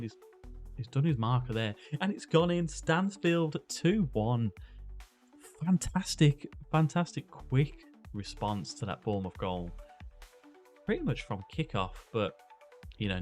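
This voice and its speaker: A young man with a slightly low voice narrates his football management game like a match commentator. He gets excited as chances come and goes, then slows down to think through substitutions and tactics. Faint music plays quietly behind him. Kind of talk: gameplay commentary.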